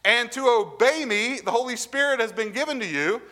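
Male pastor, middle-aged, high pitch, sermon delivery with slow emphatic readings. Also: animated, bright, forceful tone. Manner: earnest preaching with slow emphatic scripture reading.

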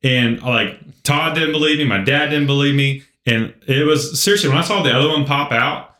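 A man co-hosting a podcast, telling a story in an animated, casual way full of filler words. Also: medium pitch, normal speed. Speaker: podcast co-host. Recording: roomy echo.

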